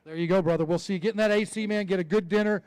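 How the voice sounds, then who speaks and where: Brief: male weigh-in emcee, high-pitched, dry close sound, hype-man banter. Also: fairly even intonation, very fast, a little mellow, clean tone, dry recording. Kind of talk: live tournament announcing. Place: outdoor weigh-in stage.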